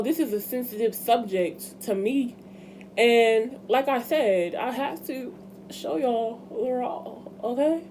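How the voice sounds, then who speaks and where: A woman's voice: a little high, dark tone, a little hiss or hum. Chatty young woman. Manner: chatty, emphatic, addresses viewers as y'all. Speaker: vlogger. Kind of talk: casual chat to camera.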